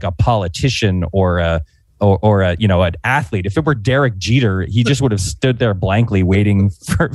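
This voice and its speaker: Animated storytelling man, dry close sound. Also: on the low side, no room sound. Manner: animated, fast-paced anecdote with frequent "like" fillers. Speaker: podcast guest, former comedy writer. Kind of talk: storytelling in casual chat. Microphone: podcast microphone.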